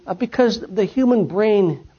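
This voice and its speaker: A man's voice: sits high, lively intonation, a little slow, dark tone, slightly rough. A man giving a lecture and taking audience questions, his voice dropping at the end of sentences and rising on key points. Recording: dull lo-fi recording.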